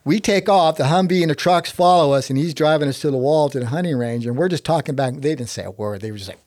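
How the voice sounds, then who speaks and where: A fairly high-voiced man from Texas tells a story in a casual, lively way, his pitch leaping up for every quoted line. He sounds middle-aged, and the recording is dry and close. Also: fast talker, no echo. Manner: animated, jumps up in pitch when quoting others.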